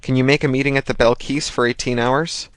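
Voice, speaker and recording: A man's voice: mid-range voice, steady tone, fairly quick, dry recording, lightly acted. A man reading an audiobook, voicing a pushy, gushing male activist friend who swears freely. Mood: eager.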